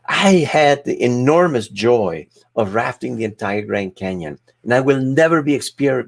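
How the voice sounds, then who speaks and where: A man's voice: medium pitch, vocal fry. A man giving a motivational keynote over a video call, emphatic and humorous, speaking straight to his audience.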